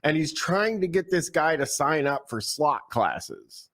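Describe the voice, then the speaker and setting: A man's voice: on the high side, sing-song, unhurried, fairly bright tone. A man co-hosting a casual podcast who tells stories animatedly and laughs often. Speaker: podcast co-host. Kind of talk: casual chat.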